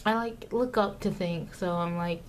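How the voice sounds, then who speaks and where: A young woman films herself at home on a camera mic for a casual vlog, rambling and correcting herself with lots of fillers and asides. Her mid-range voice moves at a moderate pace, with a little hiss or hum in the recording.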